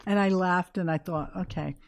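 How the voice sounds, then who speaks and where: Her voice is deep and a little mellow, and the recording is dry. She's an older woman with a New York accent, a guest in an interview telling candid anecdotes and acting out what people said.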